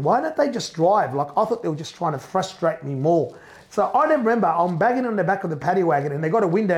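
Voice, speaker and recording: A middle-aged man telling an emotional first-person story, animated, repeating and restarting as he goes. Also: high-pitched. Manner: animated, repeats and restarts, acts out quoted voices. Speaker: business owner telling his story.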